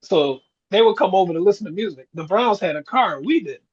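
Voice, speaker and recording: With a husky, high-pitched and expressive voice, a podcast co-host in his sixties speaks fast while telling reflective stories in casual chat. He chuckles often throughout. The audio sounds dull and lo-fi.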